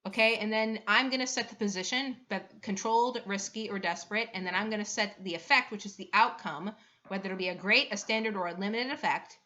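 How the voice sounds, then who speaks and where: A woman's voice: medium pitch, fairly quick, pushed and bright. A woman running a tabletop game as game master, chatty and giggly, explaining the rules step by step. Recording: dull lo-fi recording.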